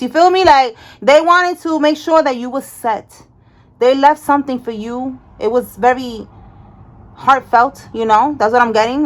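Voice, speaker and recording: A woman giving a casual tarot reading, animated, talking to the cards and to Spirit and repeating herself. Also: high voice. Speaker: tarot reader.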